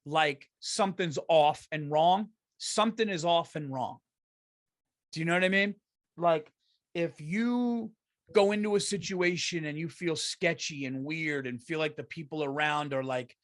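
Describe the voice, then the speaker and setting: A man hosting a comedy podcast, telling a story in an exasperated, profane and animated way and acting out what people said. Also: on the high side, no echo, clean studio sound. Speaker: podcast host.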